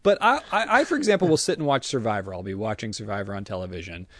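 Lively, self-mocking man in dry chat. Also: fairly low pitch, fast, no echo. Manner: self-deprecating, acts out grumbling inner voices. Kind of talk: casual podcast chat.

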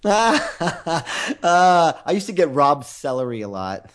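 A man co-hosting a comedy podcast in casual chat, playful and animated, slipping into mock announcements. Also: fairly high pitch, slow pace. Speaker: podcast co-host.

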